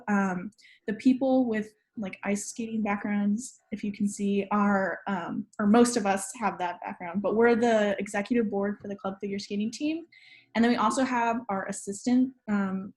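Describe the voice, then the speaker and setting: A woman's voice: medium pitch, fairly even intonation, moderate pace, a little mellow. Young woman hosting, lots of ums. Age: 20s. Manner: friendly, filler-heavy with frequent ums. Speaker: club president hosting an info session. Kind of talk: casual online info session.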